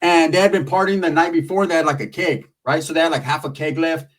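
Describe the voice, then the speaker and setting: A man's voice: fairly high pitch, fast talker, recorded from a distance. A man telling a profane, comedic street story in loose slang, acting out the people in it. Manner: loose street slang, animated with lots of acted quotes.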